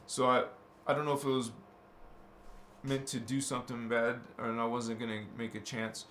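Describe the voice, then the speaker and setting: A man hosting a spiritual livestream, talking in a gentle, earnest, halting way to his viewers. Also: mid-range voice, level tone, roomy sound, slight background noise. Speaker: livestream host.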